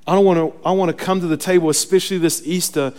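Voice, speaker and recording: A young man preaching a sermon, his voice sitting a bit high for a man. He moves from casual stories to emphatic preaching. The sound rings out with the long reverb of a church hall. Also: steady tone, fast, a little mellow. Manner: conversational storytelling, building to emphatic preaching. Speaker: pastor. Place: church sanctuary.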